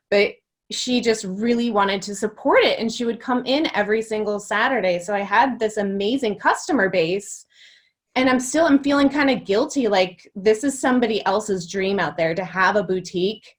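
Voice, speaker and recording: A woman's voice: mid-range voice, moderate pace. A woman in her thirties, a guest on a podcast, talking casually and chattily with lots of filler words. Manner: chatty, uses many fillers like "like". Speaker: podcast guest, former boutique owner. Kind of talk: casual interview conversation.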